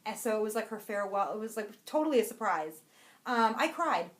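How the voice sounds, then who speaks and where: A young adult woman co-hosting a podcast, chatting casually and excitedly about yarn she bought, rambling and breaking off her own sentences. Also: mid-range voice, a little fast. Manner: bubbly, rambling, self-interrupting. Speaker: podcast co-host.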